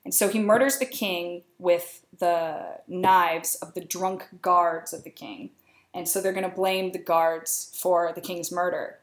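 A woman's voice: on the low side, steady tone. A woman podcast co-host giving a chatty, laughing plot summary in casual talk. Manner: chatty, laughing, quick asides. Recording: echoey room.

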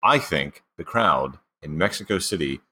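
Male co-host, very deep, bright and punchy, upbeat sports chat. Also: animated, moderate pace, husky. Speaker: podcast co-host.

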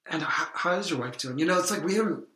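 A man co-hosting an improvised comedy podcast, rambling in a deadpan tone with hesitant ums. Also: sits high, quick pace, reverberant.

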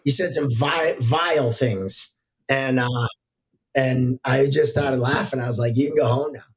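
A middle-aged man chats as a podcast guest, telling long referee stories in an easygoing, rambling way. His voice sits at an ordinary middle pitch, and he pads his thoughts with plenty of casual fillers. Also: measured pace. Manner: relaxed, anecdotal, frequent fillers.

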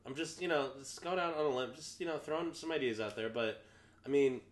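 A man's voice: mid-range voice, brisk. A man in a casual podcast chat, musing in a dry, tongue-in-cheek way.

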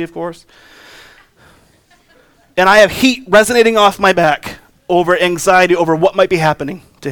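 A man in his thirties delivers a sermon as the pastor. His voice sits fairly high and sounds smooth and resonant. He talks earnestly, in a conversational way, weaving in personal stories. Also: fairly bright tone.

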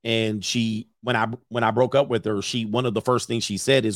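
A man's voice: mid-range voice, fairly even intonation, fairly quick, hardly any pauses, no echo, studio quality. A middle-aged man hosting a casual stream, reading viewer comments and giving blunt, rambling opinions.

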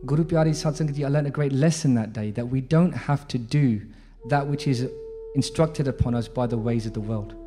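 A man's voice: mid-range voice, brisk, dark tone. A man with a British accent giving a conversational storytelling talk to a congregation, retelling a story with frequent restarts. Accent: British English. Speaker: Sikh speaker addressing a congregation. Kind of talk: spoken storytelling talk with a moral lesson. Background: music.

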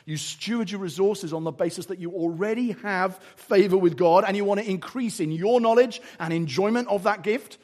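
A man's voice: high-pitched, moderate pace, few pauses. A man with an English accent preaching a sermon, telling stories and acting out little asides. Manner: animated storytelling with acted-out asides.

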